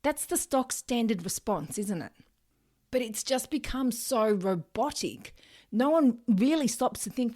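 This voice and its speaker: A woman's voice: a little high, lively intonation, unhurried, mellow. Earnest Australian woman podcasting solo. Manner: earnest, direct, casually swears, acts out everyday phrases. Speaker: podcast host.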